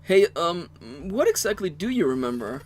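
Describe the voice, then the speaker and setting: A man's voice: high-pitched, big pitch swings, normal speed, slight background noise, voice pushed up. A man voicing a jumpy, impatient young man who stammers out pushy questions, reading a visual novel aloud. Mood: pressing.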